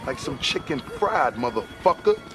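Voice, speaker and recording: A man's voice: mid-range voice, sing-song, normal speed, close to an everyday voice. An actor playing a cocky man taunting someone in a horror movie clip. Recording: movie clip with loud music.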